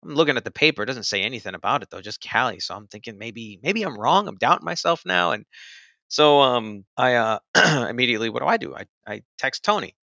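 Fast and expressive, he speaks at medium pitch with a creaky, pushed, bright quality, informally recounting an experience of his own with many fillers such as "like" and "you know." There's no room sound.

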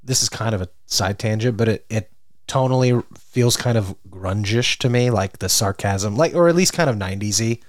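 A man's voice: fairly low pitch, moderate pace, no room sound, clean studio sound. A young man co-hosting a casual music podcast, rambling through his opinions with lots of "like" and "kind of". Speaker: podcast co-host. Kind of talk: casual music review chat.

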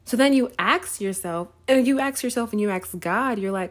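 Lively storytelling woman, faith podcast. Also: a little high, moderate pace, hardly any pauses. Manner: conversational, storytelling, laughs often, says "right?" a lot. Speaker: podcast host. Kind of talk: casual faith talk.

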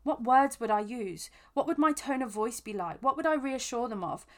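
A woman hosting a podcast, giving reflective self-help advice in an earnest, gentle way with frequent restarts. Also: a little high, lively intonation, normal speed. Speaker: podcast host.

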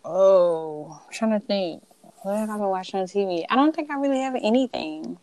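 A woman co-hosting a casual chat, soft-spoken and agreeable, mostly asking questions. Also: mid-range voice, expressive, normal speed, no echo. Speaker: podcast co-host.

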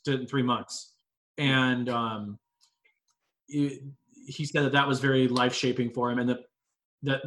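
A man's voice: mid-range voice, fairly bright tone, poor audio. A man in his late twenties talking in a casual group discussion, telling rambling personal stories. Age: late 20s. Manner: rambling, anecdotal storyteller. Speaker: panelist.

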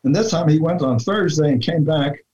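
A man talking through his research in a relaxed interview, deliberate and full of fillers and restarts. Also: fairly high pitch. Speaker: researcher guest. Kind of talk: conversational interview talk. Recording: dull lo-fi sound.

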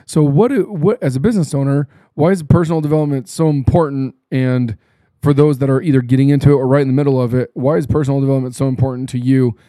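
A man hosting a casual podcast interview, tossing in quick animated asides. His voice is mellow and mid-pitched, and the recording sounds dry and close. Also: no echo. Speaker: podcast host.

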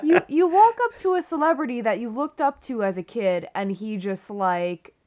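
A woman's voice: fairly high pitch, animated, normal speed, darkish tone. A woman joining a casual podcast chat with dry, wry humor.

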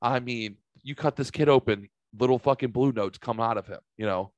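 A man in his forties, a podcast host telling casual stories in an animated way, swearing freely and jumping higher when excited. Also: normal speed, dry recording, lo-fi sound. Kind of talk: casual storytelling chat.

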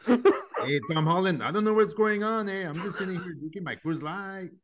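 Laid-back, high-voiced man saying eh. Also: moderate pace, slight background noise. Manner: laid-back, ends lines with eh. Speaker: player. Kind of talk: casual banter.

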